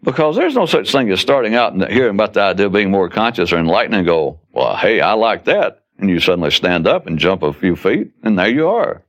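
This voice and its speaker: A man's voice: sits low, very animated, fast, few pauses. A man giving a spoken philosophical talk in a wry, conversational way, now and then acting out quoted outbursts. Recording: dull lo-fi recording.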